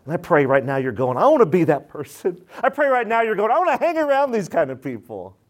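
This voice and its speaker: A man preaching with a lively, swooping delivery, his somewhat high voice leaping up for emphasis and dropping low for asides. He talks to the congregation in a folksy way and acts out short bits of dialogue in quick put-on voices. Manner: animated, shifts between loud bursts and low asides, puts on quick voices. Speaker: pastor. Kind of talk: sermon.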